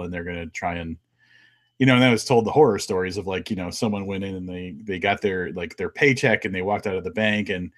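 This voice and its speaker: Man, American, lowish pitch, rambling casual podcast chat. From United States. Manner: rambling, many fillers and restarts. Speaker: podcast co-host.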